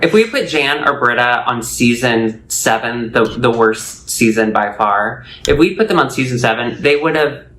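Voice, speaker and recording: A man's voice: mid-range voice, moderate pace, hardly any pauses, bright, forceful tone, a little hiss or hum, low-quality recording. A man co-hosting a casual drag podcast, rambling and laughing as he talks. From Chicago. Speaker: podcast co-host. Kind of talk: casual chat.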